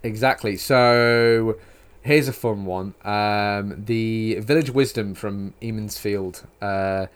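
A man's voice: on the low side, steady tone, takes it slowly, clean tone. A young man with a Yorkshire accent hosting a casual podcast chat, rambling with lots of fillers and teasing his guests. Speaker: podcast host.

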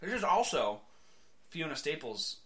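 A man co-hosting a casual podcast, his voice bright and forceful. He talks with lively, sweeping pitch and often jumps into quick character voices. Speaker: podcast co-host. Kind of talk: casual comic book chat.

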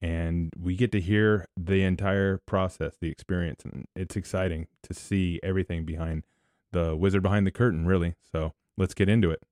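A man's voice: low voice, fairly even intonation, moderate pace, darkish tone, no room sound, clean studio sound. A man hosting a casual podcast, upbeat and joking as he introduces guests. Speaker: podcast host.

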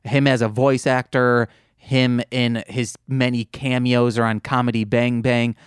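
A man's voice: mid-range voice, little pitch movement, unhurried, clear, resonant tone, no room sound, studio quality. A young adult man co-hosting a podcast, rambling and poking fun at himself in a casual chat. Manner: easygoing, rambling, self-deprecating. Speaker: podcast co-host.

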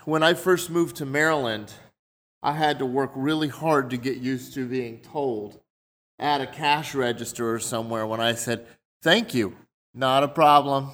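A man's voice: mid-range voice, normal speed, a bit bright. A man preaching a sermon in a conversational way, explaining his points through everyday examples.

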